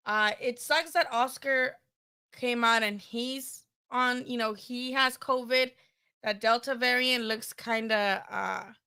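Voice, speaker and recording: A woman's voice: fairly high pitch, slow, sharp tone, smooth. A young woman hosting a casual boxing live stream, chatty and frank, swearing casually and filling her talk with "you know" and restarts. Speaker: boxing livestream host.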